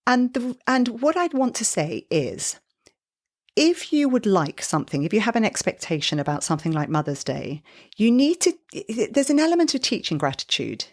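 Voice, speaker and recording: A woman's voice: on the high side, big pitch swings, normal speed. A woman in her forties co-hosting a parenting podcast in a chatty, encouraging way, often restarting her sentences. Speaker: podcast co-host. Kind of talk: casual conversational podcast chat.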